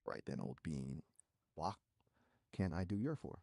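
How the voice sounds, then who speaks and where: A male AI voice putting on a jolly, posh English gentleman with a put-on English accent and plummy stock phrases. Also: deep voice, expressive, a little slow, vocal fry, husky, no room sound, clean studio sound, voice pushed down, heavily acted.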